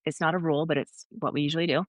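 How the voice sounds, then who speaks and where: A woman's voice: low-pitched, fairly even intonation, very fast, no room sound. A woman guest on a podcast, earnestly telling a rambling story and acting out bits of quoted dialogue in conversation. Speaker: foot zoner, podcast guest.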